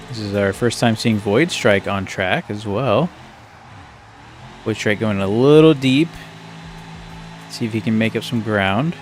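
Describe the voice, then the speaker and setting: A man hosting a live online drift event, commentating the runs and chatting with the drivers in a relaxed, easygoing way. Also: fairly low pitch.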